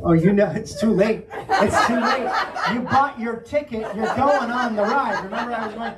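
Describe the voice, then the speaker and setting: In an echoey bookstore event room, with the mic at a distance and a noisy crowd around him, an author tells a funny anecdote. He then reads his story aloud with dramatic flair, often breaking into laughter. His voice is very high and moves at a normal speed.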